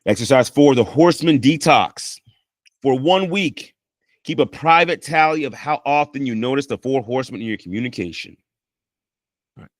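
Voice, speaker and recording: A man's voice: medium pitch, expressive, moderate pace, no room sound, studio quality. A man, a counselor and life coach, teaching communication skills in a casual, conversational way, often checking in with "right?" and acting out sample apologies. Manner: conversational, frequent "right?" and "you know" tags; acts out sample apologies and I-statements.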